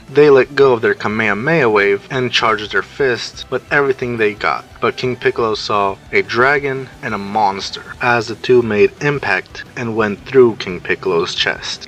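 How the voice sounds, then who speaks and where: A man's voice: medium pitch, fairly bright tone. A man reading a fan fiction story aloud as narrator, telling it plainly and introducing each character's line.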